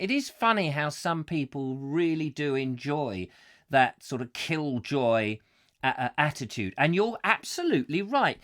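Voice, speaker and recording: A male host rambles through a comic live show, his slightly high voice swooping up and down all the time. He reads viewers' comments aloud and keeps slipping into silly put-on voices between his rants. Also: a bit bright.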